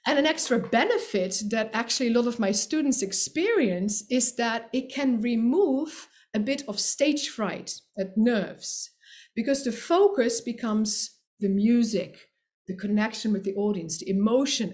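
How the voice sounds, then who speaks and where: A woman's voice: a little high, lively intonation, a little slow, darkish tone. A woman who is a singer and voice teacher, giving a friendly, explanatory and lightly playful recorded presentation lesson.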